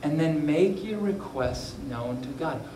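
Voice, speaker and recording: Brief: earnest male pastor, slow deliberate sermon, roomy echo with faint background noise. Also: a little high, lively intonation. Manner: earnest, swings from soft to emphatic. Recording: echoey room.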